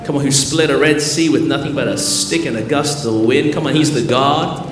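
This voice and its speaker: A man preaching a lively, humorous sermon, joking with the crowd and building to loud call-and-response. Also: mid-range voice, moderate pace. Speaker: pastor. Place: large church hall. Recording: echoey hall with keyboard music.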